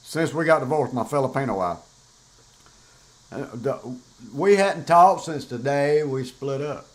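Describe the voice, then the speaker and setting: A man's voice: medium pitch, lively intonation, unhurried, low-quality recording. Blunt older man. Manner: blunt, profane, rambling storytelling. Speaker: podcast host. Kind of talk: casual monologue.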